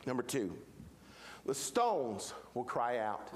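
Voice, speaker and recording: A man with a high voice preaching a sermon. He presses each point hard and stacks short, repeated questions and statements. He speaks as a pastor addressing his congregation. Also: animated, moderate pace, slight background noise. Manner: emphatic, repetitive rhetorical questions.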